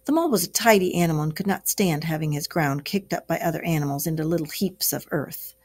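A woman's voice: low-pitched, fast talker. A woman teacher reading a story aloud to young pupils and stopping to explain words. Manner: explains words to children as she reads. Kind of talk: classroom read-aloud.

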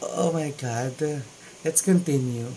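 A man's voice: on the high side, slow, mellow, a little hiss or hum, poor audio. A man with a Filipino accent hosting a casual reaction video, gushing with exclamations of amazement. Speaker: YouTube reaction vlogger.

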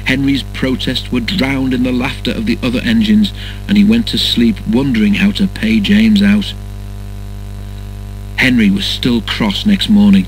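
A man reading a children's story aloud as narrator in a measured, even way. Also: on the low side, faint music behind, rough recording.

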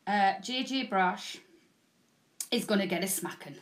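A woman, presenting a live shopping stream loudly and cheerfully, greeting viewers by name. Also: medium pitch, measured pace. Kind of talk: live selling stream, chatty. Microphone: proper microphone.

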